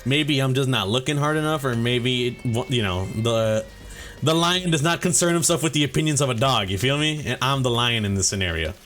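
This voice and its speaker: A man's voice: mid-range voice, a little fast, fairly bright tone. A man hosting a gaming let's play, rambling and cursing casually with lots of filler words and joking swagger. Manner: mock-serious swagger mixed with jokes. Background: faint game music.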